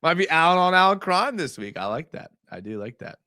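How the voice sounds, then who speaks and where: A young man hosting a casual live stream. He breaks down game film in a chatty way, full of fillers, and gets excited as he talks. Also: fairly high pitch, a little fast, dry recording, clean studio sound.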